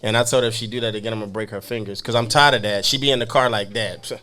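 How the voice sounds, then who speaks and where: A man's voice: on the low side, steady tone, racing, bright, forceful tone. A man hosting a casual podcast chat, telling laid-back stories and laughing often. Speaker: podcast host.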